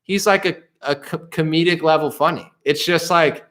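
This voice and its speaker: A young male streamer answers his chat in a loose, rambling way, laughing a lot, restarting sentences, imitating voices, and saying "bro" and "dude" constantly. His voice is slightly high and a bit bright, and his pace is moderate.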